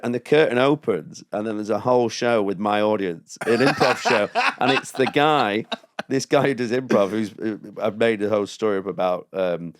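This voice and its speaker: A man's voice: lowish voice, brisk, no echo, clean studio sound. A male comedian telling a long story on a podcast, laughing and acting out other people's lines in raised voices. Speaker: comedian guest. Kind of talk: casual podcast chat, storytelling.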